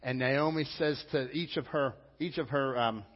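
A man's voice: medium pitch, moderate pace. A male pastor delivering a sermon in an emphatic, conversational way. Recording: lo-fi with long hall reverb.

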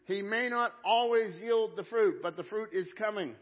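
A man's voice: sits high, normal speed. A middle-aged man preaching a sermon in a church, conversational and emphatic, talking straight to the congregation. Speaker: pastor. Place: church sanctuary. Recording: dull lo-fi sound.

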